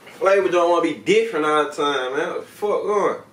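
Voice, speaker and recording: A man's voice: on the high side, brisk, a bit bright, reverberant, recorded from a distance. A man hosting a vlog, chatting casually and profanely straight to his viewers in heavy slang while he reviews what he is smoking. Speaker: video host reviewing smoking products.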